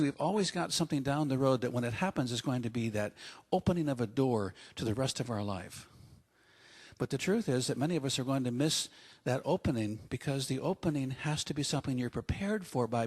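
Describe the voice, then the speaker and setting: Husky pastor telling funny stories. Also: male voice, medium pitch, fairly quick, darkish tone. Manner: humorous storytelling with acted asides. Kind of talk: sermon.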